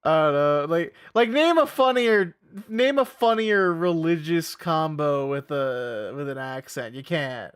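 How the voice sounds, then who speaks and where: A man's voice: fairly high pitch, lively intonation, unhurried, few pauses, clear, resonant tone. A male streamer in casual livestream chat, rambling and profane, often breaking into laughter.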